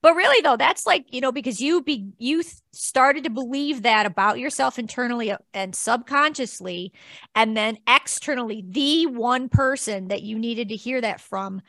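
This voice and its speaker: A woman co-host talks in an animated, encouraging way and laughs easily. Her bright, forward voice sits a little high, close and dry on the mic. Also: moderate pace, dry recording. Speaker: podcast co-host. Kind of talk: casual spiritual chat.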